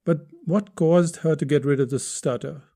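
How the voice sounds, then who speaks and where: Mellow-voiced man teaching on a podcast. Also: a little high, normal speed. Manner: explanatory, poses rhetorical questions. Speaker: podcast host teaching writing. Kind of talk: podcast lesson.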